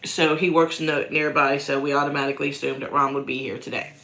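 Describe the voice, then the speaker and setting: A woman's voice: extremely low pitch, fairly even intonation, fast talker, fairly bright tone. A woman hosting a casual livestream chat from home, rambling and self-mocking, with a cough that keeps breaking into her voice. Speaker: host answering viewer questions. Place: downstairs at home.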